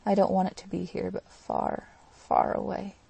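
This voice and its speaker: A woman's voice: medium pitch, completely flat delivery, normal speed, gravelly, warm tone, husky, poor audio. A woman voicing an impassioned young woman in an audiobook, pleading and emotional. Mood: imploring.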